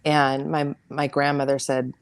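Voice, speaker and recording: A middle-aged woman, a podcast guest, tells a personal story in a halting, emotional way, with many fillers and restarts. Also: a bass voice, little pitch movement, clear, resonant tone, no echo.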